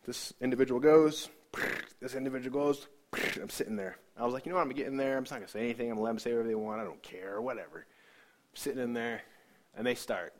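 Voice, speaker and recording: A man giving an emotional personal testimony about his faith, earnest and halting, often repeating words as he searches for them. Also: mid-range voice, darkish tone. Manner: earnest, halting, repeats himself when moved. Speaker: speaker sharing a faith testimony.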